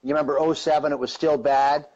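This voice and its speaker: A man's voice: a little high, level tone, fast, darkish tone, lo-fi sound. A man in his fifties from Canada, telling a long personal story as a guest, rambling and conversational with lots of "right?" and "you know". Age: 50s. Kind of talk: storytelling in a live-streamed interview.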